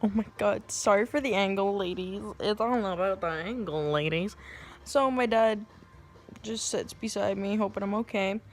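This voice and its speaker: A young woman talks to camera in a loose, joking way, jumping into other people's voices as she tells her story. She is crude and quick to laugh, and her pitch sits in the middle for a woman. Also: soft background music. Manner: animated, acts out quotes in shifting voices. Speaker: vlogger. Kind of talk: casual storytime vlog.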